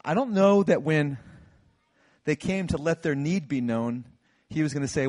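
A middle-aged man preaching a sermon, retelling a Bible story with lively acted-out lines. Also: fairly high pitch, moderate pace. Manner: animated storytelling, acts out disciples' lines. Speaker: pastor.

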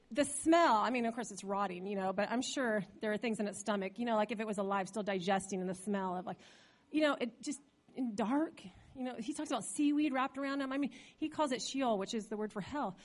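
A middle-aged woman pastor preaching a sermon in a church, dramatic and animated, acting out quoted voices. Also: fairly high pitch, fairly quick.

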